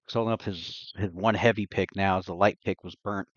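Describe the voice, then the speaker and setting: Low-voiced man rambling as game master. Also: steady tone, brisk, no room sound. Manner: rambling narration with many "like" fillers. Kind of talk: narrating a tabletop game. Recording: dull lo-fi dry stream audio.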